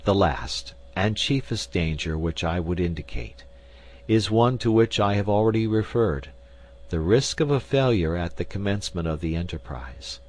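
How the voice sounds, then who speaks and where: Man, low voice, audiobook narration, measured formal reading of an essay. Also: poor audio. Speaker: audiobook reader.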